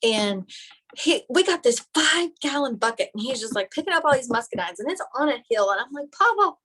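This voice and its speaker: A young woman giving an animated, direct motivational talk to her team on a live phone video. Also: a little high, brisk, husky, rough recording. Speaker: team leader and nurse.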